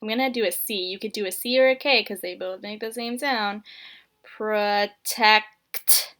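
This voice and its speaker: A woman teacher giving a writing lesson to young children, speaking slowly and encouragingly and stretching out letter sounds. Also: fairly high pitch, fairly bright tone.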